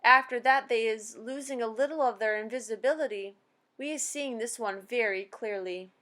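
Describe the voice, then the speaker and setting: A woman voicing a big, gentle, excitable male giant who mangles his grammar and makes up words. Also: a little high, normal speed, close to an everyday voice. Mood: explaining.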